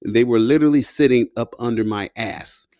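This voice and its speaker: A man's voice: medium pitch, moderate pace, darkish tone, no room sound, clean studio sound. A man, a combat veteran, telling his story in a loose, slangy way, full of "you know" and "man". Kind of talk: casual spoken storytelling.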